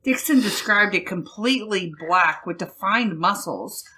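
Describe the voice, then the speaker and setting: A woman podcast host reading a news article aloud in a slow, deliberate way. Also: mid-range voice, animated, pushed and bright, slightly rough. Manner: slow, deliberate reading with laughs between phrases.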